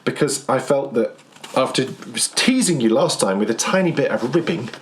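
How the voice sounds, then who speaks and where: A man's voice: mid-range voice, expressive, normal speed, slight background noise. A man co-hosting a casual knitting chat, cheerful and enthusiastic. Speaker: podcast co-host.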